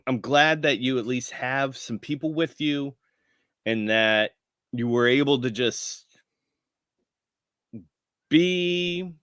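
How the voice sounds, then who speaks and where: A man's voice: mid-range voice, a bit bright, smooth, dry recording, studio quality. A man voicing a stern middle-aged mother with a Southern US drawl, in a tabletop game. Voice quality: drawling, measured.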